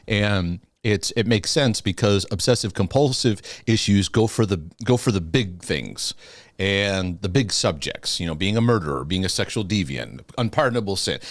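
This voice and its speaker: A man's voice: deep voice, dry recording, studio quality. Chatty man hosting a live Q&A. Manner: chatty, laughs often, restarts and stumbles over words. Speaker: host of a live Q&A. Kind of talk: casual live-stream chat.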